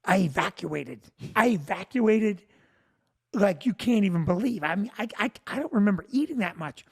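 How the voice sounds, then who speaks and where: A male comedian telling a long comic story, animated and breaking into shouted punchlines. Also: high voice, normal speed, creaky, husky.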